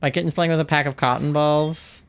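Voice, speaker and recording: A young-adult streamer talks loosely over gameplay. The speech rambles from thought to thought in a relaxed, chatty way, with frequent laughter along the way. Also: medium pitch, fairly quick, creaky, clear, resonant tone. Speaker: live streamer. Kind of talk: casual chat while streaming a game.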